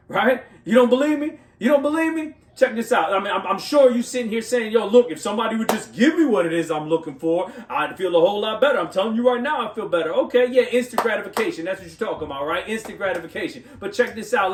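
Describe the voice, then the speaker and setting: High-voiced man giving an echoey pep talk. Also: fast talker, distant mic, a little hiss or hum. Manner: animated storytelling with frequent "right?" tags. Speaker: motivational speaker. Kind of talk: motivational monologue.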